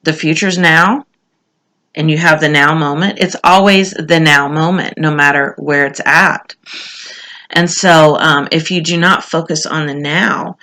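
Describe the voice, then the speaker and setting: A woman speaks in a casual tarot reading, her voice bright and forward. She is earnest and reassuring, often pausing and repeating phrases to drive a point home. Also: low voice. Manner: frequent "um" pauses, repeats phrases for emphasis. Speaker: tarot card reader.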